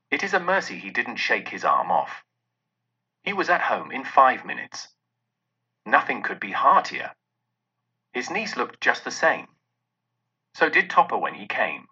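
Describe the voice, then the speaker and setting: A man narrates a classic story with an expressive, animated delivery. His voice is husky and bright, and his pitch moves a lot. The recording is dull and lo-fi. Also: measured pace, pauses often. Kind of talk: storybook reading aloud.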